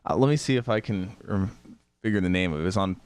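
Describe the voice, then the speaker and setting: Casting: very low, resonant male voice, tired, sheepish rambling podcaster, dry mic. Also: animated, fast talker, a little mellow, smooth, no echo. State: tired after a late night. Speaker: podcast co-host. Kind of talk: casual podcast chat.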